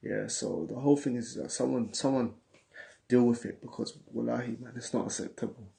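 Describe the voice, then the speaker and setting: A man's voice: mid-range voice, fairly quick, gravelly, dark tone. A man with a London accent, hosting a casual livestream, talking in street slang and reading out viewer messages. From England. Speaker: livestream host.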